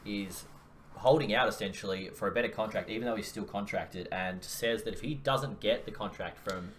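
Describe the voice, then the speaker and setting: A man's voice: on the low side, normal speed. A young Australian man with an Australian accent, co-hosting a casual fantasy football chat and joking as he talks through his picks. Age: young adult. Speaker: podcast co-host. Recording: faint background noise.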